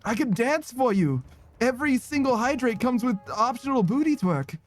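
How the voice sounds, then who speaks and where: A man doing a comedic impression of a scheming, flirtatious male dragon streamer persona, with slow, grand, theatrical emphasis. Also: very high voice, very animated, soft background music, voice pushed up. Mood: flirty grandiose.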